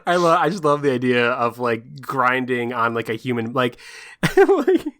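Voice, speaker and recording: A young man co-hosting a casual podcast, excitable, laughing often and slipping into silly voices. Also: mid-range voice, moderate pace. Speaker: podcast co-host.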